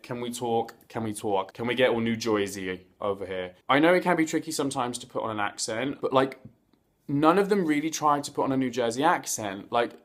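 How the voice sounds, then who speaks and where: Chatty campy man hosting a review vlog. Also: medium pitch. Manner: chatty and playful, with campy slang and asides; stumbles over words now and then. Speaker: host of a reality TV review vlog. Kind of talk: casual spoken review.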